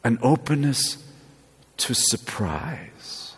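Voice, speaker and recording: A man preaching a sermon, slow and lively, with playful asides. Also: lowish voice. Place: church. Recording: echoey church with long reverb.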